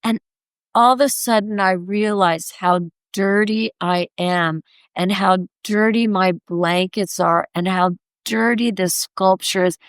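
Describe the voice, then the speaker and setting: A woman sculptor, a podcast guest, telling an anecdote and acting out the quoted voices in a higher pitch. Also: slow pace, smooth, dry recording. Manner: animated, acts out quoted voices in a raised pitch. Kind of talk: anecdotal storytelling in conversation.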